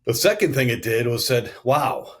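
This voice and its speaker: A man's voice: on the low side, fairly quick, slight background noise. A middle-aged man from the US East Coast, telling stories in an earnest, businesslike way as a podcast guest. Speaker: guest, company CEO. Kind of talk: storytelling interview answers.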